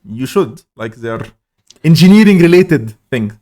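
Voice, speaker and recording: A man co-hosting a casual podcast, talking in loose, rambling stretches full of "like" fillers. He pokes fun at himself and has a loud voice. His pitch sits a little high. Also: lively intonation, normal speed. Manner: rambling, self-deprecating, many "like" fillers. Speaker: podcast co-host. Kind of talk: casual chat.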